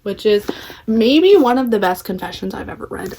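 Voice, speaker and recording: A chatty young woman recaps a novel's plot for her video channel. She talks casually with plenty of "like" and slips into quick voices for the characters. Her tone is relaxed and conversational. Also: a little high. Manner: chatty, many "like"s, acting out characters' quotes. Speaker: book vlogger.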